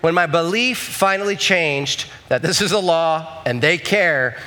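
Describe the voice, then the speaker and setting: A man preaching a sermon as a pastor, telling a humorous personal story in an animated way. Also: fairly high pitch, measured pace. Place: church sanctuary. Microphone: handheld or headset mic.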